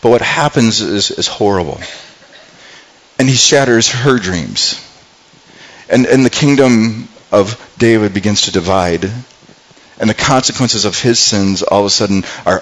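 A man's voice: fairly low pitch, normal speed, a bit bright, low-quality recording. Earnest male preacher retelling scripture. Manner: earnest storytelling, frequent repeated words. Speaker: pastor. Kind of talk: sermon.

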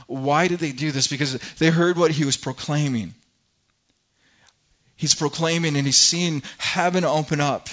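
A man's voice: medium pitch, normal speed, highs cut off. A man preaching a sermon to a congregation, retelling a scripture story with dramatic quotes that rise in force, often repeating words as he goes. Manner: animated preaching, rising loud when quoting scripture, stumbling repeats. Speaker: pastor.

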